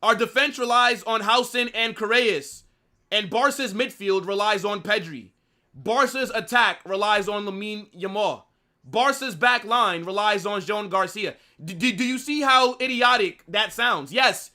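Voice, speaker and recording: A young man hosts a live football watch-along, sparring with his chat by mocking and needling commenters. His voice is high and bright, with pitch that swings widely.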